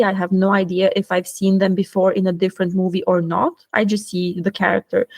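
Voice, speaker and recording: Woman, podcast guest, not American, chatty, emphatic, middle pitch. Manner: chatty, emphatic, quick to laugh. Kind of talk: casual podcast discussion.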